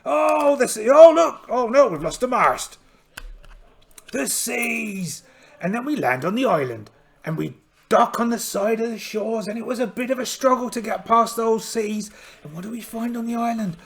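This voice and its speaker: A man voicing a cheerful, blustering one-eyed pirate captain, narrating a solo tabletop game in character with theatrical, exclaiming delivery and a gravelly voice. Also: extremely high pitch, lively intonation, moderate pace, a bit bright, exaggerated voice. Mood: dramatic.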